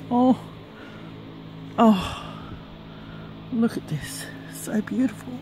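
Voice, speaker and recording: A woman crafter filming a gift unboxing at home on a handheld camera, tearful and trembling, gushing softly with many breathy sighs. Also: fairly high pitch, animated, very slow, pauses often, background noise. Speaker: craft vlogger. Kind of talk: emotional gift-unboxing vlog. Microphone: handheld camera, shaking.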